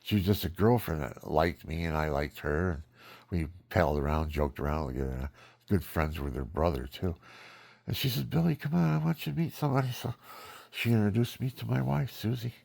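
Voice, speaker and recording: Gravelly-voiced man in his seventies. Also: extremely low pitch, normal speed, a little mellow. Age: 70s. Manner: meandering, frank, chuckling. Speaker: vlogger. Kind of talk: rambling personal storytelling.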